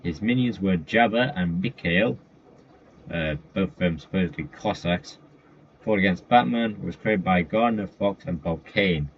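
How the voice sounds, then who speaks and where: Low-voiced rambling man, lo-fi recording. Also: measured pace, slightly rough. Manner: rambling, with frequent fillers and self-corrections. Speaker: commentator. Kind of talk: casual list-style commentary. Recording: dull lo-fi mic with faint noise.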